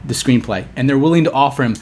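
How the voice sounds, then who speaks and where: A young man co-hosting a podcast, telling a long story in casual chat, animated, restarting often and acting out the lines he quotes. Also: mid-range voice, fast. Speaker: podcast co-host.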